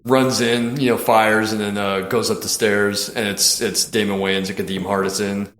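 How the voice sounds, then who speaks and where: A man's voice: on the low side, level tone, moderate pace, a bit bright, reverberant, slight background noise. A man hosting a podcast, casually and animatedly retelling comedy film scenes, laughing often and swearing. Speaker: podcast host.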